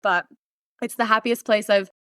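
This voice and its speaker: A woman in her thirties, a podcast guest telling her story in a casual, animated way, laughing often and acting out what she once said. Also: medium pitch, moderate pace, smooth, dry recording, clean studio sound.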